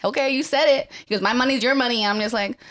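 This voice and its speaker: A woman's voice: a little high, quick pace, a bit bright. A young woman co-hosting a podcast, bluntly teasing and swearing freely in casual chat. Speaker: podcast co-host.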